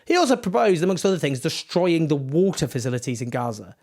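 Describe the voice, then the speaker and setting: A man's voice: a little high, sing-song, fast, a little mellow. A man giving impassioned, indignant political commentary with sarcastic asides.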